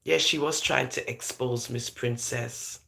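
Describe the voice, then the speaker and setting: A woman giving lively, laughing commentary to viewers, slipping into patois as she goes. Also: extremely low pitch, a little slow, creaky, a little hiss or hum. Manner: animated, laughing, patois-flavored gossip talk. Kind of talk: casual live commentary.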